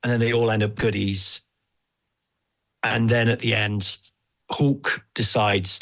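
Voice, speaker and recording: Animated, jokey man. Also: mid-range voice, unhurried. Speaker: podcast host. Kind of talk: casual podcast chat.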